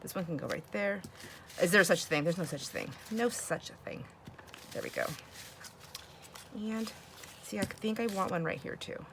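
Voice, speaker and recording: She's a crafting video host who chats casually, laughs a lot and talks to herself while she works. Her medium-pitched voice is a bit bright, she speaks at normal speed with frequent pauses, and there's a little hiss or hum.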